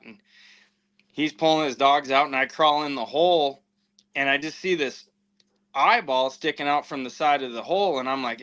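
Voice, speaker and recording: A man recounting a hunting trip in loose, casual conversation. His voice is bright and forceful, and he slips into voicing what others said mid-story. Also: medium pitch, rough recording. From southwestern United States. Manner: animated anecdote-telling with acted-out quotes. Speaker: podcast host and houndsman.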